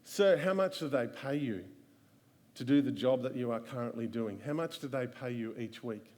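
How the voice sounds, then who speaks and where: A man's voice: medium pitch, darkish tone, long reverb tail, pitched below the performer's own voice, close to an everyday voice. A man doing a stubborn shrewd rabbi. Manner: dry, deliberate, answers with questions. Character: stubborn old male rabbi, shrewd and calm.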